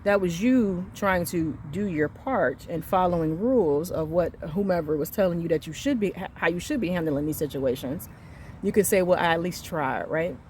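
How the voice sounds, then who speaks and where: Heated low-voiced woman venting. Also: a little hiss or hum. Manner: emphatic, recounts dialogue, swings between quiet and loud. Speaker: mother venting on her channel. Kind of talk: heated storytelling rant.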